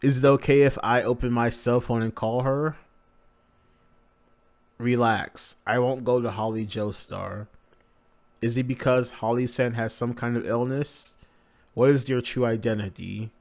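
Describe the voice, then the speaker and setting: A man reading the lines of a calm, decent young male hero from a manga in his own voice. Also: mid-range voice, unhurried, pauses often, natural voice.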